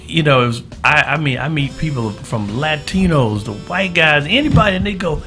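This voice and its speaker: A man's voice: a little high, normal speed, faint music behind. A man in his fifties from Southern California, a guest in a casual interview, telling stories and acting out the voices of the people in them. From Southern California, USA. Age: 50s. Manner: animated storyteller, acts out quoted voices.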